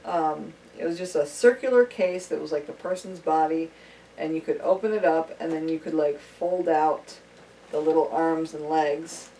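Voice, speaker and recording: A woman guest in casual conversation, chatty and halting, with many fillers. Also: sits low, warm tone. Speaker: podcast guest. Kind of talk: casual chat. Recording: distant mic with faint room noise.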